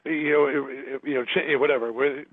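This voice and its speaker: A Long Island, New York rock musician in his sixties tells a story as an interview guest, acting out other people's lines and laughing often. His medium-pitched voice is husky, with fairly even intonation and normal speed, heard over a dry, tinny phone line with no echo.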